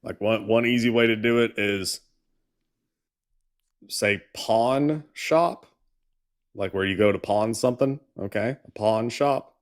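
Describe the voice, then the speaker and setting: A man's voice: lowish voice, steady tone, moderate pace. A man co-hosting a live political stream, lecturing in a sardonic way. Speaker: co-host. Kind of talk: casual live call-in chat.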